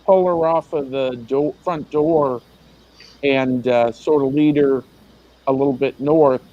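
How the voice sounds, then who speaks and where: A man's voice: mid-range voice, steady tone, slow pace, warm tone. Hesitant man on dull lo-fi audio. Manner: hesitant, many fillers while recalling details. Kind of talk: casual podcast discussion.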